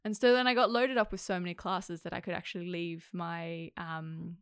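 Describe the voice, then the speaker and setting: A woman who teaches acting, chatting casually and telling animated stories with frequent laughs. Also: on the low side, normal speed, smooth, no echo, clean studio sound. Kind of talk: casual chat.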